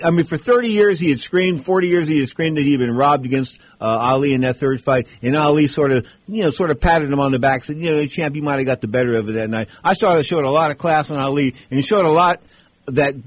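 Husky-voiced male radio host. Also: a little high, fairly quick, no room sound. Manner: rambling anecdotes with many restarts. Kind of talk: casual storytelling interview.

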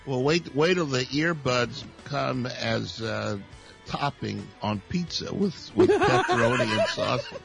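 A man's voice: medium pitch, sing-song, unhurried, gravelly, loud music behind the voice, low-quality recording. A man co-hosting a radio show, tossing in wry quips during casual banter. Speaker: radio co-host.

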